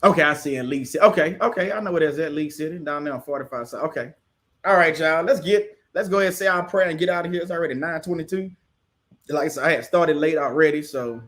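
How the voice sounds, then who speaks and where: A man's voice: fairly high pitch, quick pace, a bit bright. A man from the casually hosting a livestream, chatting with viewers and answering their comments, often laughing. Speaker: livestream host.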